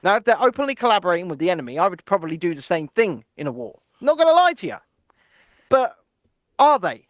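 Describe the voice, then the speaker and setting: A man co-hosting an irreverent news chat show, loud, jokey and swearing. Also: sits high, big pitch swings, fast talker, no room sound, lo-fi sound. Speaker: podcast co-host.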